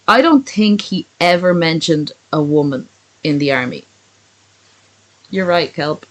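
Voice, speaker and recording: A woman streamer reads a fan story aloud and keeps stopping to swear and snark at her chat. Her voice sits a little low and swings all over the place as she talks. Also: lively intonation, measured pace, pauses often. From not from America. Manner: profane, sarcastic, chatty with viewers. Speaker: livestreamer. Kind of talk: reading a fan story aloud with live commentary.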